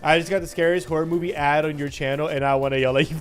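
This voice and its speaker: A man's voice: a little high, fairly even intonation, racing, soft background music. A young man livestreaming, chatting casually and teasing his chat with playful mock rants.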